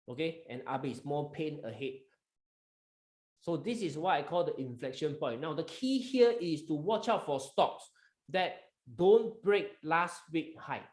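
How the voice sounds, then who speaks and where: A man's voice: high-pitched, reverberant. Emphatic Malaysian man coaching stock traders. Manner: emphatic, coaxing, mixes in local slang and Chinese. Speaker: stock market trainer. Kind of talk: live market webinar.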